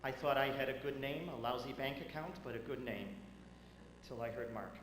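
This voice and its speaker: A man, a rabbi, giving a tribute speech at a banquet, telling stories with dramatic swings between loud and hushed delivery. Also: mid-range voice, brisk. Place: large banquet hall. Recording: echoey hall with faint hum.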